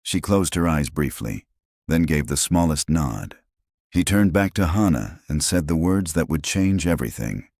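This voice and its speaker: A man narrating a dramatic story in a steady, scripted way. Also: extremely low pitch, moderate pace, no room sound, studio quality.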